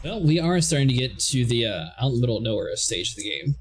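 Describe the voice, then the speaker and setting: Male co-player, teasing banter, lively pitch, noisy line. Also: fast. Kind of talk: casual gaming chat.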